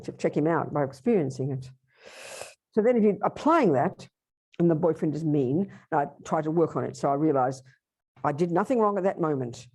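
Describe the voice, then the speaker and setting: Woman teaching a buddhist workshop, kinda low warm voice, lively, throws questions at the room. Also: fairly quick, slightly rough. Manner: lively, acts out inner voices and asks the audience questions.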